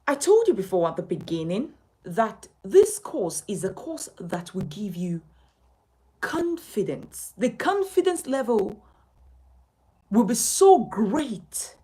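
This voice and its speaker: A woman's voice: on the high side, dark tone, low-quality recording. A woman from Nigeria with a Nigerian accent, a communication coach urging viewers emphatically to sign up for her class and repeating her points. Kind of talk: direct-to-camera class promotion.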